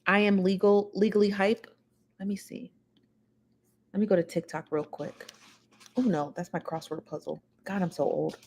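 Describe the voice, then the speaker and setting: A woman's voice: mid-range voice, steady tone, normal speed, pauses often, darkish tone. A woman hosting a casual livestream, rambling and chatty as she talks straight to her viewers. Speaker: show host.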